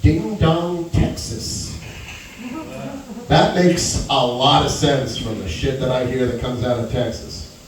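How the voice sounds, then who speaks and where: A man doing a stand-up comedy set in a small club, brash and crude with animated delivery. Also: mid-range voice, moderate pace. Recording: echoey club heard from far off. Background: audience chatter and laughter.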